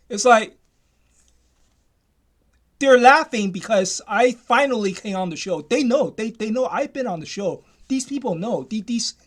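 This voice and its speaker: High-voiced man on an emphatic rant. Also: animated, moderate pace. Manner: repetitive, emphatic, restarts often. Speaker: commentator. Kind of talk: ranting commentary.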